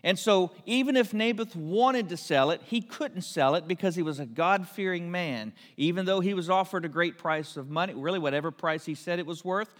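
A man preaching a sermon, telling a Bible story with lively asides and briefly acting out the characters. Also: high-pitched, moderate pace, few pauses. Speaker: pastor. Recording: long hall reverb.

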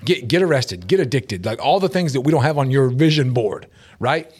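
A middle-aged man co-hosting a casual talk show, animated and laughing often as he acts out quotes in shifting voices. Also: medium pitch, a little fast, slightly rough. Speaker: podcast co-host. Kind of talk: casual chat.

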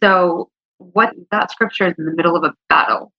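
An interview guest, a woman, gives her faith testimony earnestly and from the heart, sometimes nearly crying. Her voice is on the low side at a moderate pace, and the recording sounds dry, dull, and a little lo-fi.

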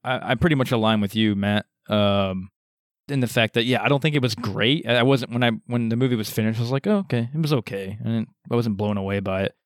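A man co-hosting a podcast, chatting casually about a movie in an easygoing, halting way. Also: fairly low pitch, steady tone, no room sound, clean studio sound. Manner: easygoing, halting, restarts often. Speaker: podcast co-host. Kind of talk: casual movie review chat.

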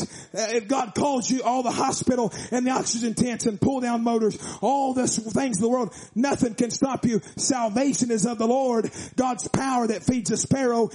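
Shouting high-voiced preacher. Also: male voice. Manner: shouting, sing-song preaching cadence. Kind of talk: revival sermon.

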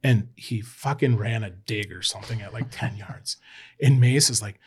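A man's voice: lowish voice, normal speed, breathy edge. Man telling a rambling story. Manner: rambling, animated, swears freely. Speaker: podcast guest, former college football player. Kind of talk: casual storytelling chat.

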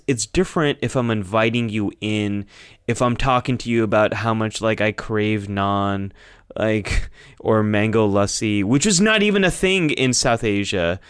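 A man's voice: mid-range voice, smooth, no room sound, clean studio sound. A man co-hosting a podcast, talking casually and animatedly and often repeating words as he thinks. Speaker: podcast co-host. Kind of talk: casual chat.

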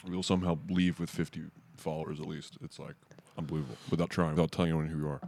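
Fast-talking low-voiced podcast co-host. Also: male voice, flat delivery, vocal fry, darkish tone. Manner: quick, joking, profane. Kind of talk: casual chat.

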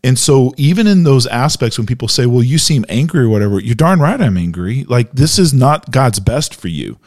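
A man's voice: mid-range voice, sing-song, a little fast, darkish tone. A man in a church conversation speaking emphatically and with animation, laughing easily.

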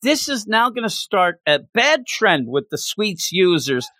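Man, excitable, incredulous, lively swooping pitch, dry close sound. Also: a little slow, no room sound. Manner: excitable, incredulous, often acts out characters in jumpy voices. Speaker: podcast co-host. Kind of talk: casual chat reacting to a manga chapter.

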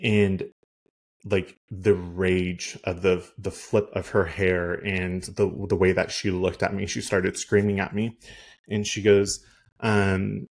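A man's voice: low-pitched, flat delivery, takes it slowly. A man who works as a realtor, telling a story on a podcast in a rambling, heated way with many "like" and "um" fillers. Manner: heated, indignant.

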